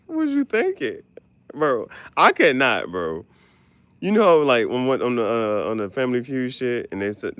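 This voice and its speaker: A man hosting a casual podcast chat, animated and profane, often jumping into squeaky exclamations. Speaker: podcast host.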